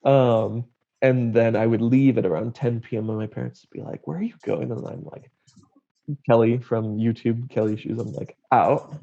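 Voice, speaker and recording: Young man, gravelly and dark-toned, wry candid storyteller, dull lo-fi recording. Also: mid-range voice, level tone, moderate pace. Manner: wry, blunt, acts out family quotes. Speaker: guest sharing his story. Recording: dull lo-fi audio.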